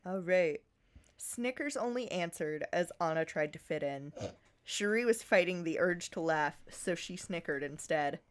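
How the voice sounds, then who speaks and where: Woman, podcast host, reading aloud, giggly, playful, unhurried. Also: on the low side, animated. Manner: giggly, reads dialogue with playful emphasis. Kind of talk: casual chat and reading aloud.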